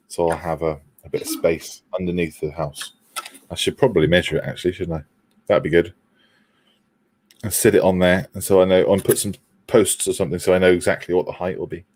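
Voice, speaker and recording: Man, deep voice, chatty livestream host, reads viewer comments, laughs a lot. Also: level tone, a little fast, a little mellow. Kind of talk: casual chat while model making.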